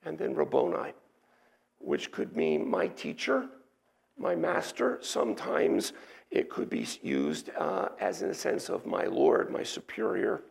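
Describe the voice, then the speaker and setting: Gravelly preacher walking through a passage. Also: male voice, medium pitch, huge pitch swings, unhurried. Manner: explanatory, teacherly, with restarts and asides. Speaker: pastor. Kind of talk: expository sermon.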